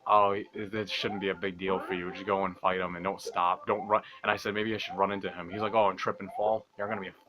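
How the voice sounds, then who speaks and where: A young man telling a long story as he plays a video game, rambling, swearing and mocking himself, speaking softly because it is late at night. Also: low voice, flat delivery, fast talker, hardly any pauses, lo-fi sound, a crowd in the background. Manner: rambling, profane, self-mocking, laughs often. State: talking quietly at night. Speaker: gaming channel host. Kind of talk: casual storytelling over gameplay.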